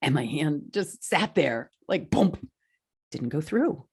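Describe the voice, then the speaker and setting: Brief: woman podcast host, earnest and animated, fairly low-pitched, inspirational monologue. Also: slow, creaky, slightly rough. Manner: earnest, animated storytelling with lively pitch swings.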